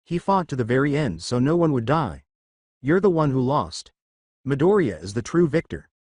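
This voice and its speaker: A man voicing a young boy demon slayer who is grieving and defiant, his pitch raised as he shouts and pleads. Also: very animated, moderate pace, slightly rough, dry recording. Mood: tearful.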